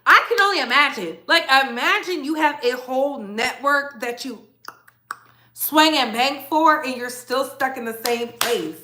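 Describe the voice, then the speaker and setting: A woman's voice: high-pitched, lively intonation, a little slow, bright, forceful tone. A woman hosting a gossip commentary vlog, blunt, emphatic and sassy in her opinions.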